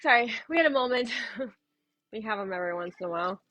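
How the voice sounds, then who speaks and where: A woman's voice: a little high, lively intonation, quick pace, a bit bright, lo-fi sound, a little hiss or hum. A woman who reads tarot, chatting casually and loosely on a livestream from home and laughing often. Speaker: tarot reader.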